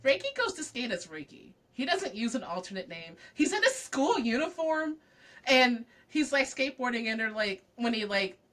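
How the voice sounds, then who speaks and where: A woman guest in a casual interview, telling a story in an animated way with lots of acted-out dialogue and frequent laughs. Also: fairly high pitch, normal speed. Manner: laughs often while talking.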